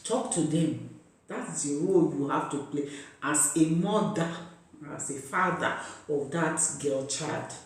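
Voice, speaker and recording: A vlogger with a slightly high voice speaks a little slowly, making an impassioned, pleading appeal to his viewers. He repeats himself the way a preacher would. He sits far from the mic in a very echoey room.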